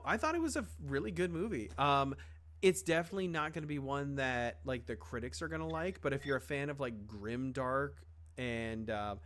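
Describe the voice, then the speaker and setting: A man's voice: medium pitch, fairly bright tone. Rambling young man in casual chat. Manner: rambling, lots of fillers and restarts, swears casually. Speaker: podcast co-host.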